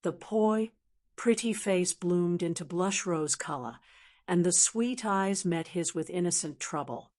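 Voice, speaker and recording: A text-to-speech woman's voice narrating a classic novel as an audiobook, in an even, measured way. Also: on the low side. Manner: even, measured synthetic delivery. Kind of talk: scripted narration.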